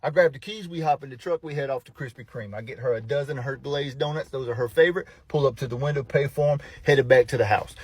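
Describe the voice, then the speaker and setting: A man telling comic stories about his kids, animated and profane, with sudden loud outbursts. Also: medium pitch, fast, few pauses, breathy edge, no room sound. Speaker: storyteller, father of young kids. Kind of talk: comic storytelling with voiced quotes.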